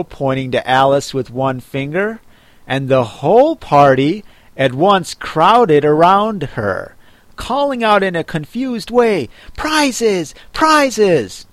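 A man narrating a storybook audiobook in a measured, expressive way. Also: fairly high pitch, no echo.

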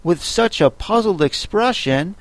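A man narrating a children's classic in an expressive, unhurried storybook reading. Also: high voice, no echo. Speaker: audiobook narrator.

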